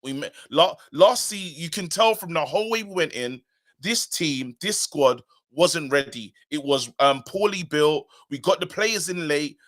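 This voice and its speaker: Casting: animated male fan co-host, fairly high, bright voice. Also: a little slow. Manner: animated, emphatic, repeats himself. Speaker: co-host of a football fan show. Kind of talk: casual live-stream chat.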